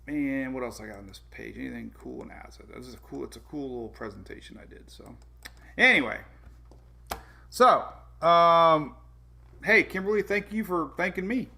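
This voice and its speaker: Gravelly guy hosting a weather stream, chatty and rambling, keeps correcting himself. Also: on the high side, normal speed, sharp tone. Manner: rambling, self-correcting, chuckles often, reads viewer comments. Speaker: weather show host. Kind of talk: casual livestream chat.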